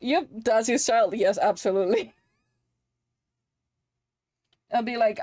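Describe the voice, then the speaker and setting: A woman with a Spanish accent talks through her live stream at an unhurried pace. Her voice sits a little high. She is giggly and swears playfully, recorded dry and close at home. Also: a little mellow, no room sound. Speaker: VTuber streamer and model rigger. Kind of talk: casual live-stream chat while working.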